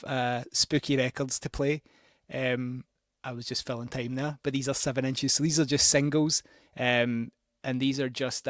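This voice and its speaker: A man's voice: medium pitch, a bit bright, dry recording, clean studio sound. Rambling man telling a story. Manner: rambling, swearing, self-mocking storyteller. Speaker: radio host spinning records. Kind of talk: casual anecdote between records.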